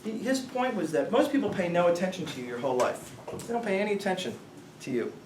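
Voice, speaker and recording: A middle-aged man with a slightly high voice gives a loose, rambling talk to a class, throwing questions out to the audience. He sounds set back from the mic in a roomy lecture space with faint background noise. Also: animated, quick pace, distant mic. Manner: rambling storyteller, quizzes the audience. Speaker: guest speaker, company founder. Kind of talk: informal lecture to students.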